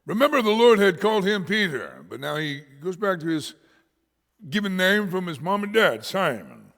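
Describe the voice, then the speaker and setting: An American man preaching a sermon as pastor, an animated storyteller who punches out words for emphasis and jokes about himself. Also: high voice, normal speed. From United States. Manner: animated storyteller, shouts words for emphasis, self-deprecating humor. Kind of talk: expository sermon. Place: church sanctuary. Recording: church hall reverb.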